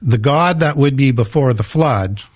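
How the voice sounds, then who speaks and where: A man's voice: medium pitch, lively intonation, unhurried, no room sound. A man explaining ancient myths as an interview guest, lecturing and correcting the host with frequent restarts. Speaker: guest author and researcher.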